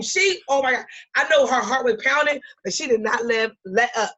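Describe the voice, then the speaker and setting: A woman's voice: fairly high pitch, moderate pace, fairly bright tone. A woman co-hosting a podcast, casually and vividly retelling a video and acting out the quotes. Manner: vivid storyteller who acts out quotes. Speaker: podcast co-host. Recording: dull, lo-fi sound.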